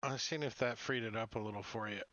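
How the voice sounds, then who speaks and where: A man's voice: fairly low pitch, fairly even intonation, fast, pushed and bright, dry recording. A man running a tabletop game as dungeon master, rambling and joking as he narrates over voice chat. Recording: dull lo-fi mic.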